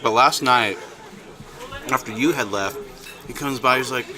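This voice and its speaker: A man's voice: medium pitch, a little slow, pauses often, a crowd in the background. A man co-hosting a casual podcast chat, telling a long story with many restarts and bursts of laughter. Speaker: podcast co-host.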